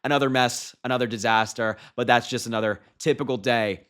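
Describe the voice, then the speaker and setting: Young male vlogger, bright and forceful tone, mocking commentary delivered casually with frequent laughs. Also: mid-range voice, steady tone, fairly quick, smooth. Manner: mocking, laughs at his own points. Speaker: political commentator.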